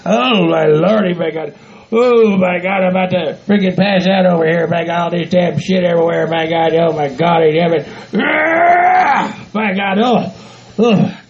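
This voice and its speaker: A man doing a gravelly cussing hillbilly rancher. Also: high voice, normal speed, over a noisy crowd. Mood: grumbling. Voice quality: gravelly, exaggerated country hick voice. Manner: grumbles, swears, keeps repeating "by God". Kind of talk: comedy audio skit. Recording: dull lo-fi home recording.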